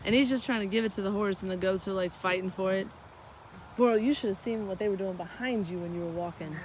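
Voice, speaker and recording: In a rough recording with a little hiss or hum, a woman from Texas talks fast in a mid-range voice. She's a chiropractor vlogging on a ranch and in her car, chatting, storytelling, and addressing the animals nearby.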